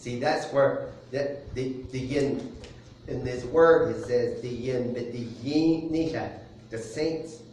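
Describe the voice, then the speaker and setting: A pastor delivers a deliberate, unhurried sermon, pausing for soft chuckles as he explains his points. His voice comes from a distance into a strongly echoing space, with faint noise underneath. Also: medium pitch. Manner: measured preaching with soft chuckles. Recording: very echoey room, distant mic.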